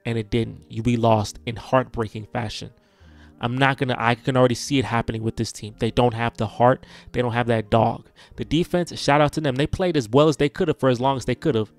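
A man's voice: medium pitch, fairly even intonation, brisk, faint music behind. A man, a sports content creator, giving a blunt, frustrated, unscripted rant and repeating himself.

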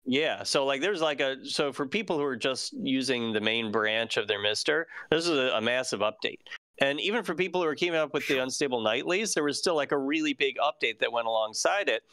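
Man, stream host, bright voice, dry close sound, rambly with lots of ums. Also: mid-range voice, expressive, a little fast, clean tone, no echo. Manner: rambling, many fillers and restarts. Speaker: show host. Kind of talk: casual live-stream news chat.

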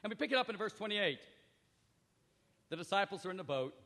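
A man's voice: high voice, animated, a little fast. A man preaching a sermon, reading scripture and speaking emphatically, often asking the audience questions. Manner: emphatic, dramatic swings in loudness; addresses the audience directly with questions. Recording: reverberant hall.

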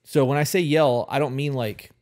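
A man's voice: mid-range voice, normal speed, a little mellow. Blunt guy cohosting a podcast, cusses constantly, gets fired up easy. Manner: blunt, heavy swearing, gets worked up. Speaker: podcast co-host. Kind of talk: casual relationship podcast chat.

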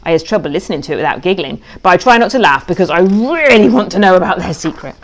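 Animated woman reading a children's story. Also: lowish voice, fast. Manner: animated, childlike pig narrator voice with playful bad grammar. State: tearful at moments. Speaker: author reading her own book.

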